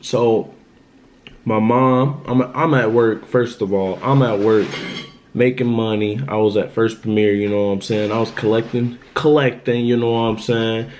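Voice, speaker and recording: A man's voice: on the low side, steady tone, moderate pace, a little mellow, slight background noise, rough recording. A young man telling a personal story on his vlog in a loose, casual monologue that circles back on itself. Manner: loose, repetitive, keeps asking "you know what I'm saying".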